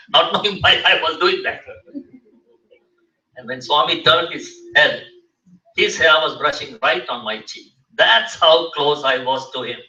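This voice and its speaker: A man's voice: fairly high pitch, sharp tone. A man in his sixties from Sri Lanka, giving an earnest guest talk and acting out the dialogue of his story. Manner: earnest, acts out quoted dialogue. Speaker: guest speaker. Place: community center hall. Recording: roomy, distant, dull-toned hall recording.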